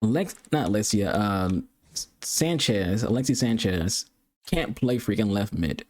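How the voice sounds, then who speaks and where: A man's voice: on the low side, expressive, a little slow. A man streaming a soccer video game, trash-talking opponents and rambling through casual commentary with fillers and restarts. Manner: trash-talking, taunting, swearing. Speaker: gaming streamer. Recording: loud game music behind the voice.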